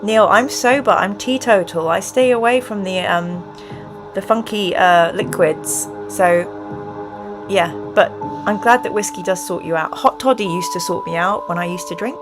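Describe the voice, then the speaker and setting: Music runs in the background as a woman with a medium-pitched voice talks at a moderate pace. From her home live stream, she reads an adventure book aloud in gamebook play, wandering off into rambling chat.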